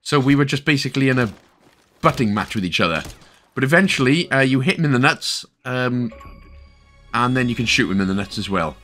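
A man's voice: mid-range voice, animated, brisk, a bit bright, faint music behind. A man from Wales talking through a game walkthrough, chatty and joking with the player as he goes. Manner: chatty, jokey asides, talks to the player. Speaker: game guide narrator. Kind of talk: casual game walkthrough commentary.

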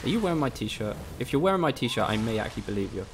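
A man's voice: medium pitch, big pitch swings, quick pace, noisy background. A man streaming a game live, talking casually to his viewers in a frustrated, sweary, joking way. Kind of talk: live gameplay commentary.

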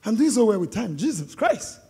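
A middle-aged man with a Nigerian accent, preaching an animated, joking sermon to a live congregation. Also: sits high, a little fast, husky. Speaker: pastor. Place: large hall with live congregation. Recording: long hall reverb.

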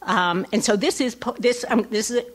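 A woman's voice: a little high, normal speed. A middle-aged woman, an author, reads her personal essay aloud at a lecture with a wry tone, adding asides to the audience. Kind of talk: live reading with asides to the audience. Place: lecture hall before an audience.

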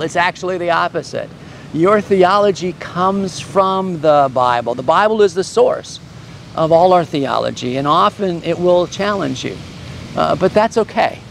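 A man's voice: on the high side, slight background noise. A man teaching a Bible study in an earnest, conversational way, reading scripture and explaining it.

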